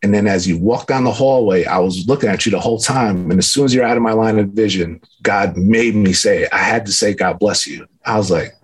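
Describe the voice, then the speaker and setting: A man in his thirties sharing a personal faith testimony in a casual, earnest way, with lots of filler words and lively retelling. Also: fairly low pitch, a little fast, hardly any pauses, husky. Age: 30s.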